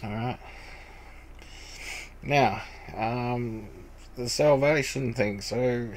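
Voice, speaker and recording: A male preacher gives an informal Bible teaching, reading scripture aloud and then explaining it haltingly and ramblingly, full of fillers and restarts. His voice is medium-pitched, and the rough recording has a little hiss or hum.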